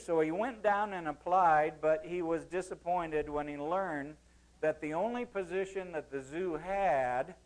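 A man preaching a sermon, telling an illustrative story and quoting writers, with dramatic swings in loudness. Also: on the high side, low-quality recording.

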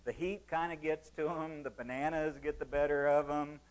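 A man preaching a sermon, telling an illustrative story and quoting writers, with dramatic swings in loudness. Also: on the high side, flat delivery, normal speed, poor audio.

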